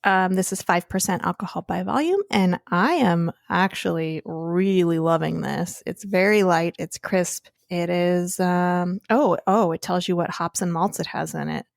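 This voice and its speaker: A woman's voice: on the low side, unhurried, creaky, few pauses, no room sound, studio quality. Playful woman podcast co-host. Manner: playful, laughs often, swears casually. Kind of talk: casual chat.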